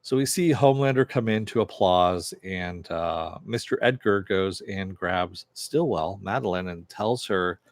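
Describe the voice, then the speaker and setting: A man's voice: low-pitched, a little slow, few pauses, no echo. A man giving a casual, chatty recap of a TV episode, with lots of fillers and some swearing. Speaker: TV show reviewer.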